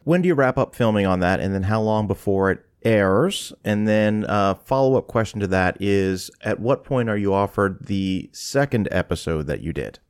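A man's voice: lowish voice, animated, moderate pace, hardly any pauses, clear, resonant tone. A man hosting a podcast interview, asking brief, curious questions of his guest. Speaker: podcast host.

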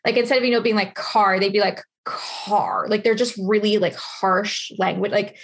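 Husky-voiced chatty woman host. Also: medium pitch, steady tone, fairly quick. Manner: bubbly, rambling talk. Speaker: interviewer, podcast host. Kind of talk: casual interview chat.

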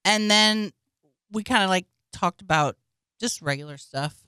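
A woman's voice: medium pitch, a little slow, pushed and bright, clear, resonant tone, dry recording, studio quality. A woman telling a personal story in casual chat, chatty and a little hesitant.

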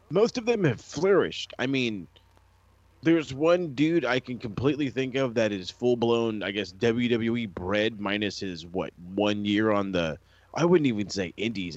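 A man rants animatedly and profanely about wrestling in a casual podcast chat. His voice sits a little low, and the recording is dry and somewhat dull and lo-fi. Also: no room sound.

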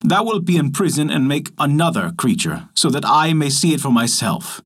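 A man's voice: a little high, expressive, moderate pace, slightly rough. A man voicing a stern old king who speaks in archaic, imperious phrases, in a storybook reading.

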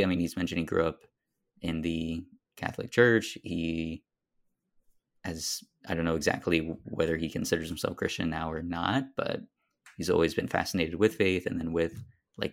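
A man with a deep, gravelly voice talks through a film on a podcast. He pauses often and fills gaps with "um" and "like" as he works out his thoughts. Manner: thoughtful, hesitant, many fillers. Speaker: podcast co-host. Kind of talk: casual film discussion.

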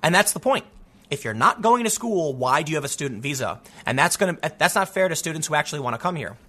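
A man hosts his own commentary show in a somewhat raised, bright and forceful voice. He talks conversationally, circling back with restarts and asides as he weighs both sides of an issue. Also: a little high, sing-song, quick pace. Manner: conversational, thinks aloud with frequent restarts and asides. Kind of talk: casual opinionated commentary.

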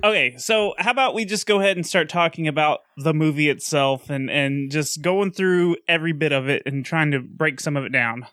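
A man co-hosting a casual movie-review podcast, animated and laughing, often restarting his sentences. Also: on the high side, fairly quick, hardly any pauses, no echo, clean studio sound. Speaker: podcast co-host.

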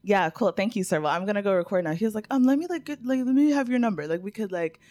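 A woman's voice: medium pitch, fast talker. A young woman co-hosting a podcast, telling a story in casual chat and acting out what people said, often laughing. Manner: animated storyteller, acts out quotes, laughs often. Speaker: podcast co-host.

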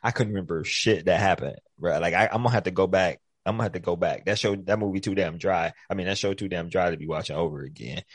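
A man with a very low voice talks through a loose, profane, rambling chat and gets animated in bursts. The sound is dry and close, with no room around it. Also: quick pace, few pauses, husky, no room sound. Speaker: podcast co-host. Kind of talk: casual chat about TV shows.

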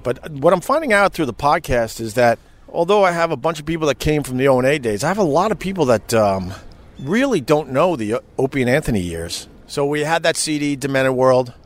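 A middle-aged man hosting a podcast, telling an old radio story in a profane, emotional, animated way. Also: medium pitch. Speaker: podcast host and former radio host. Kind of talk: casual storytelling.

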